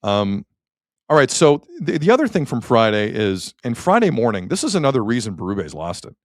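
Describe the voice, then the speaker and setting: A man with a Canadian accent hosting a sports talk show, opinionated and animated, reacting to chat comments. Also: medium pitch, brisk, no room sound, studio quality. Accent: Canadian English.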